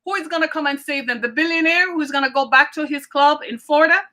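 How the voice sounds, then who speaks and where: A woman's voice: high voice, quick pace, sharp tone. A woman hosting a podcast, delivering a fiery, impassioned monologue full of pleading questions to her listeners. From United States. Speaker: podcast host. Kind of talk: preachy monologue.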